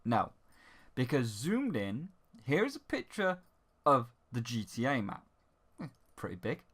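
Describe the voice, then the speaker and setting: Man, game reviewer, sarcastic and swearing, bright lively voice. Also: mid-range voice, unhurried, slightly rough. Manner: sarcastic, profane, mocking.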